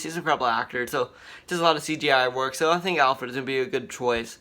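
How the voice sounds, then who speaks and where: Bright-voiced excited man vlogging. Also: mid-range voice, fast. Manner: excited, rambling, many fillers and restarts. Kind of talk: casual commentary vlog.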